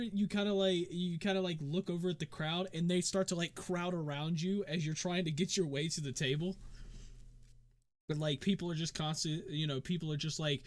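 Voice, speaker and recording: A man's voice: sits high, a bit bright. A man running a tabletop game as game master, narrating in a rambling way full of fillers.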